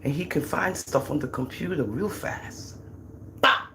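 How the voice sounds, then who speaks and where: A woman's voice: low-pitched, measured pace, vocal fry, slight background noise. A middle-aged woman with a Jamaican accent, chatting casually on a livestream in a teasing, boastful manner. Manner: animated, teasing, boastful about her children. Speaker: livestream host.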